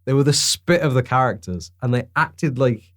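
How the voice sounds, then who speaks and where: A young man, telling a story in a casual podcast chat, excitable and swearing freely. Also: medium pitch, moderate pace, no echo, studio quality. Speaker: podcast co-host.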